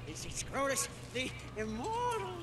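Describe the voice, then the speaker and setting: An actor playing a frantic, fawning male mechanic zealot in a video game, talking in a breathy, hissing whisper with worshipful rambling. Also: very high voice, wildly swooping pitch, unhurried, heavily acted. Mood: ecstatic. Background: game music.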